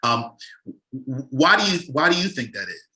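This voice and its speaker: A man's voice: mid-range voice, very animated, moderate pace, pushed and bright. A man hosting a podcast, asking questions in an encouraging way and repeating words as he builds them. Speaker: podcast host. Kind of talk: casual interview talk.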